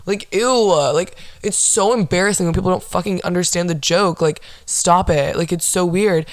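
A woman's voice: on the low side, moderate pace, hardly any pauses, no room sound. A young woman hosting her own podcast, rambling in a dry, sarcastic, profane way. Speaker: podcast host. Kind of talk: casual solo podcast chat.

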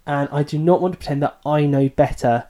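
Mellow-voiced man discussing a book. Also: a little high, steady tone, brisk. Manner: thoughtful, hedging, self-deprecating. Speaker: podcast co-host.

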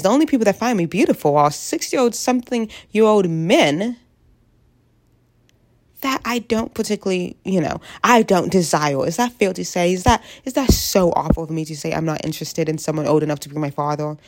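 Young woman, early 20s, congested, low-pitched, animated unfiltered vlog rant. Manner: animated, blunt, swears freely, rambling. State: stuffy head cold, sniffling.

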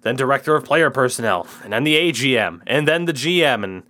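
Fairly quick and sharp-toned, this twenties-aged podcast co-host rants and swears through opinionated takes in a laid-back sports chat. His mid-range voice has lively intonation.

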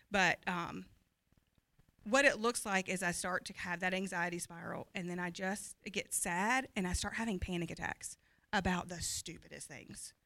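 A woman in her thirties giving a candid, earnest personal testimony to a church group, talking fast at times and laughing easily. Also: medium pitch, pushed and bright. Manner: open and earnest, quick when anxious, laughs easily. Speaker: pastor's wife sharing her story.

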